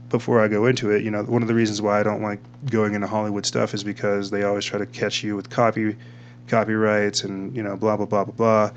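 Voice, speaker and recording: Man, low-ish voice, rambling casual commentary, repeats words, faint hum. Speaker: podcast host. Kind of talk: casual commentary reading from screen.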